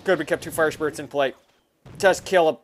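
A man giving excited, fast commentary while playing a mobile game, reacting loudly to every move. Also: fairly high pitch, slight background noise. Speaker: gaming YouTuber. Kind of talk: excited live gameplay commentary.

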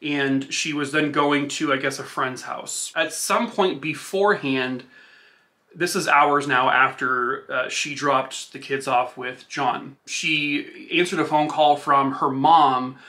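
A man's voice: mid-range voice, fairly even intonation, takes it slowly, pushed and bright. A male true crime podcast host retelling a case in a loose, casual way, using filler words like "like" and "I guess".

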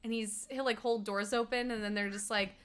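A woman's voice: on the high side, fairly even intonation, brisk, smooth. A young woman from Colorado chatting casually with her stream chat while gaming, giggly and talkative. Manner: chatty and giggly, slips into mock accents. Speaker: livestreamer.

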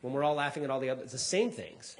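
A man's voice: mid-range voice, quick pace. A middle-aged comedian giving a talk, telling stories and acting out the voices of people he quotes, often repeating words as he restarts. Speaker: comedian speaking to a society. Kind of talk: storytelling talk with acted quotes.

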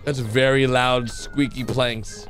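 A young man hosting a gaming channel, giving excitable reaction commentary with lots of exclamations and "bro". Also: mid-range voice, takes it slowly, faint music behind. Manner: animated, exclaiming, calls viewers bro.

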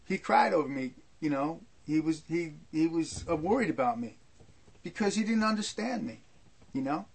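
High-voiced older man telling stories. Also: expressive, moderate pace, creaky, breathy edge. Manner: rambling, repetitive, frequent asides. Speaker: storyteller. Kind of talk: personal storytelling.

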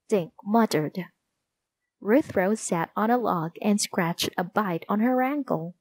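Slow, measured woman storyteller. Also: medium pitch, expressive, darkish tone, slightly rough, dry recording. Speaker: narrator. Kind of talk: storybook narration.

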